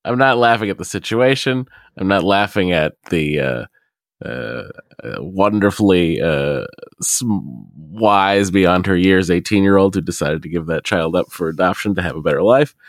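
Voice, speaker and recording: Very deep-voiced joking man. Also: normal speed, no room sound, clean studio sound. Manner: joking, teasing, laughs at his own jokes. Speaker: podcast co-host. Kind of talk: casual chat.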